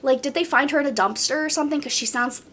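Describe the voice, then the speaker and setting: A woman's voice: high voice, fast talker, fairly bright tone, slight background noise. A woman hosting a podcast in casual chat, reading posts aloud and reacting bluntly.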